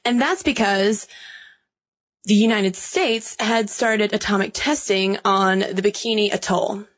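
A woman's voice: mid-range voice, a little slow, a bit bright. Young woman, podcast co-host, casual chat, wry and chatty, easy laughs.

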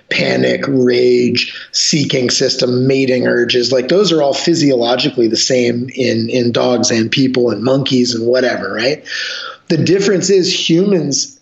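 A man, a martial arts instructor and podcast guest, telling gym stories in a profane, animated way. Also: medium pitch, gravelly. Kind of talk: casual podcast chat. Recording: roomy, dull lo-fi sound.

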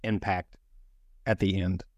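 Low-voiced man hosting an interview. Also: flat delivery, slow pace, no room sound. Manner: brief acknowledgments, follow-up questions. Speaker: podcast host. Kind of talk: conversational podcast interview.

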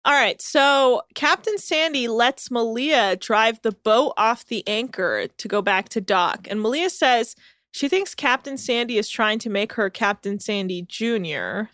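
A woman's voice: fairly high pitch, a bit bright, no echo. A woman co-hosting a podcast in casual chat, telling corny jokes with playful mock outrage. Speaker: podcast co-host.

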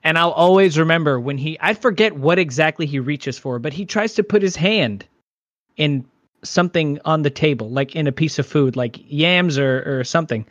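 A man's voice: a little high, fairly quick, dry recording. A man in a casual podcast chat, animatedly retelling movie scenes. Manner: animated storyteller, acts out quotes.

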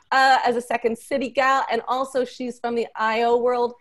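A woman hosting a podcast, introducing a panel with effusive, excitable energy and playful teasing. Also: on the high side, normal speed, hardly any pauses. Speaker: podcast host.

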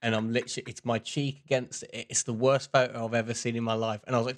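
A man's voice: mid-range voice, steady tone, brisk, few pauses. A man co-hosting a podcast, chatting in a rambling, self-mocking way. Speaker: podcast co-host. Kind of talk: casual chat.

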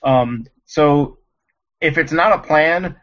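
A man's voice: on the high side, slow pace, a bit bright, highs cut off. A man co-hosting a casual sports podcast, rambling with lots of ums and an exasperated tone. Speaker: podcast co-host.

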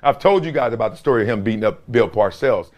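A man's voice: medium pitch, lively intonation, fast talker. A man in his forties hosting a casual sports talk show, telling stories with slangy, emphatic energy and frequent laughter. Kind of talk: casual sports commentary with storytelling.

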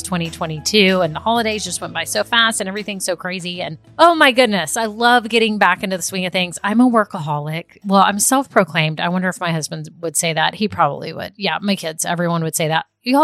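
A woman's voice: fairly low pitch, quick pace, hardly any pauses, a bit bright, dry recording, faint music behind. A middle-aged woman hosting a solo podcast, upbeat and gushing in a chatty monologue. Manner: upbeat, gushing, conversational, says y'all. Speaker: podcast host.

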